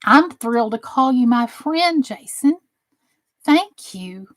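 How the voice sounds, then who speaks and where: A woman with a Southern drawl chats casually with viewers of her crafting channel, teasing them with sarcasm, then earnestly encouraging them. She talks slowly and sits slightly high in pitch. The sound is close and dry, with no room around it. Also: lively intonation, dry recording.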